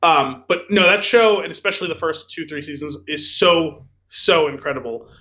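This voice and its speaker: A man's voice: fairly high pitch, moderate pace, pushed and bright, highs cut off. A man co-hosting a casual podcast, telling stories in a rambling way full of "like" and "um". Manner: rambling, filler-heavy storytelling with frequent "like" and "um". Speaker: podcast co-host.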